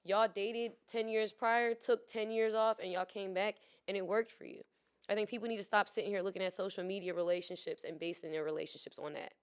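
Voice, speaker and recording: A woman's voice: medium pitch, steady tone, brisk, clean tone. A woman guest in a candid casual chat, talking frankly and expressively and swearing freely. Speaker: podcast guest.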